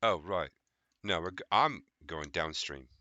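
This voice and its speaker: A man's voice: deep voice, a little slow, sharp tone, no echo. A man voicing a weary, crude male sailor who talks bluntly and swears. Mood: gruff. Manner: blunt, profane.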